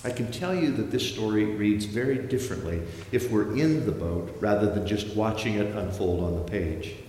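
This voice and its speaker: A man's voice: on the low side, normal speed, a little mellow, a little hiss or hum. A man preaching a sermon in a church, storytelling with dramatic shifts and acting out the voices he quotes. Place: large echoey church hall. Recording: echoey hall reverb, faint ambience.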